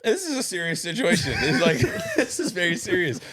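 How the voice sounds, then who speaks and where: A man's voice: high voice, wildly swooping pitch, normal speed, crowd noise. A man telling stories from police work as a podcast guest, laughing often. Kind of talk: casual storytelling.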